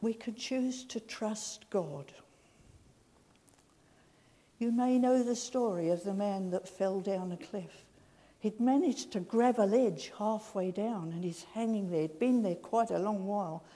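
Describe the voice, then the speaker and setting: Slow-speaking woman preaching. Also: mid-range voice. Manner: gentle, slow storytelling delivery. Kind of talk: sermon. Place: large church. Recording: reverberant church hall.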